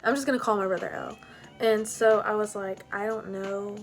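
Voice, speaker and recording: A woman's voice: mid-range voice, a little fast, creaky, faint music behind. A young woman telling a personal story in a casual, rambling way, full of "like" and "you know".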